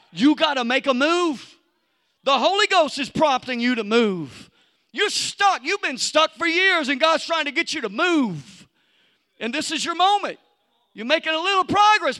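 A male pastor, preaching a sermon and telling a Bible story, building to loud exhortation. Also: very high-pitched.

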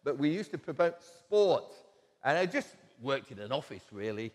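A man's voice: medium pitch, very animated, moderate pace. A man preaching a sermon in a church, telling stories conversationally with quoted asides and chuckles. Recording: long church-hall reverb.

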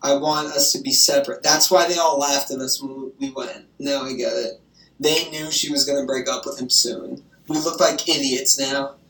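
Young woman, animated, profane, gossipy, echoey room, off-mic. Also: rumbling low, moderate pace. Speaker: grandchild on the phone. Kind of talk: casual phone chat. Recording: roomy echo, distant from the mic.

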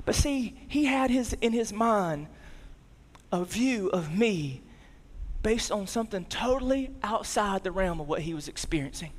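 A male pastor in his thirties delivers a storytelling sermon, his voice sitting high for a man. He moves between energetic emphasis and quiet, low passages. The sound carries the long reverb of a big hall. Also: normal speed.

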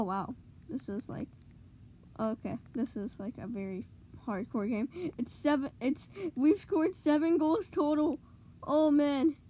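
A woman giving excitable live commentary on her own gameplay, cheering goals and groaning at misplays. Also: sits high. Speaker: gamer streamer.

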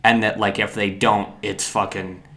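A man's voice: lowish voice, flat delivery, normal speed, bright, forceful tone. A man in casual podcast chat who talks loosely with lots of fillers and casual swearing.

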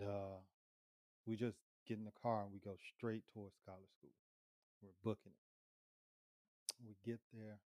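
A man casually telling a long story, lively, cursing, acting out his own lines. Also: fairly low pitch, no room sound. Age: adult with children. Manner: animated, swears, acts out his own lines.

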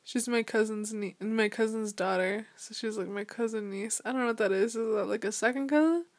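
A young woman in a casual chat, animated and giggly, acting out the people in her stories. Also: on the high side, a little fast. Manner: giggly, animated storyteller who acts out quotes.

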